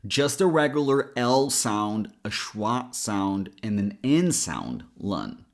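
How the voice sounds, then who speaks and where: Male pronunciation coach, mid-pitched, plain and direct, breaks words down slowly. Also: big pitch swings. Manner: direct, explains sounds slowly and models them. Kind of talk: pronunciation lesson.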